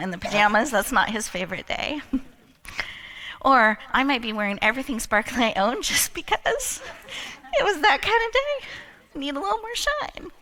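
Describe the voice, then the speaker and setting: A woman emceeing a live event, telling a playful story and leading the audience with lots of laughter. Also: on the high side. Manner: animated, laughs often, leads the crowd.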